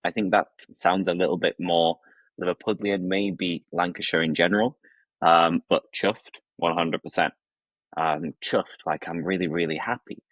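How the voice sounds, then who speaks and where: A low-pitched man with a Yorkshire accent chats about words in a relaxed, easy way. He teaches English and walks through examples one by one, with lots of fillers. His voice sounds dry and close. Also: a little slow, no room sound, dull audio. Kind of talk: casual conversation explaining slang.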